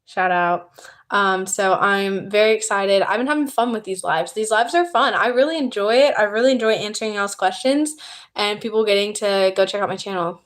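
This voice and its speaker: A young woman with a Southern American accent chats on a livestream in a friendly, upbeat way. She talks at a medium pitch and reads out viewer comments as they arrive. Her delivery is loose and conversational. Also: normal speed. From Southern United States. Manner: chatty and upbeat, reading out viewer comments and thanking new subscribers. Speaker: YouTuber hosting a livestream. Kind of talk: casual livestream chat.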